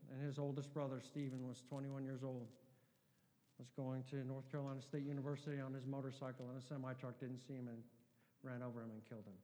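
Man, pastor preaching, impassioned, loud then hushed, mid pitch, long hall reverb. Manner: impassioned, swinging from loud emphasis to hushed near-whispers. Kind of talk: sermon.

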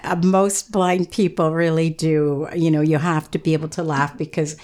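A woman's voice: deep voice, flat delivery, moderate pace, a little mellow. A woman guest on a radio talk show, telling funny stories in a chatty way and laughing often. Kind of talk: storytelling radio interview.

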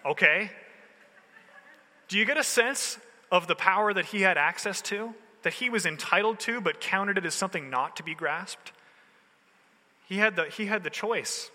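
A man's voice: sits high, normal speed, pauses often, bright, forceful tone. A male pastor giving a sermon in a loose, conversational way, full of everyday slang. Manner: casual, conversational preaching with slang. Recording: long hall reverb.

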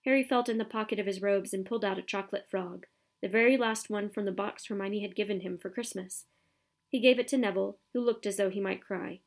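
A woman's voice: mid-range voice, fast. A woman reading a children's novel aloud as an audiobook narrator. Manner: steady storytelling. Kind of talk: scripted narration.

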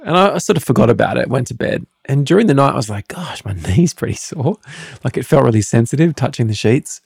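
Gravelly man, joking. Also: medium pitch, expressive, fast, dry recording. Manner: joking, self-mocking storyteller. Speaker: co-host, husband. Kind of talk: casual podcast chat.

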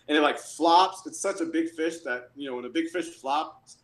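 Excitable man telling stories in a roomy space. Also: on the high side, moderate pace. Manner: excitable, animated storyteller. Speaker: guest angler and realtor. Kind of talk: casual storytelling. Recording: roomy echo.

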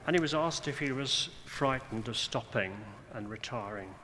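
A man preaching a sermon, measured and deliberate, slowing down for emphasis, with dry, wry asides. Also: mid-range voice, animated, bright, forceful tone. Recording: long hall reverb, faint room noise.

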